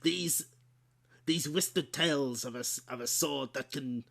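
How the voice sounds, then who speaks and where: A man's voice: mid-range voice, a little slow, gravelly, a bit bright. A man voicing an old male pirate telling an ominous tale of a cursed sword at an inn, warning his listeners with old-fashioned speech.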